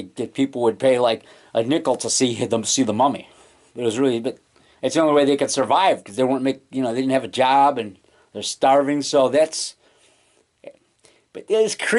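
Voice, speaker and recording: Man, somewhat high-pitched, rambling and excitable, casual home vlog, basement, camcorder mic. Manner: rambling, restarts and trails off, excitable. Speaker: low-budget monster moviemaker.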